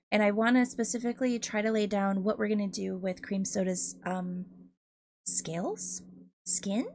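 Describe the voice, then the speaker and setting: A woman's voice: fairly high pitch, no echo. A woman hosting a casual art livestream, chatting and giggling a lot and swearing freely. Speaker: Twitch art streamer.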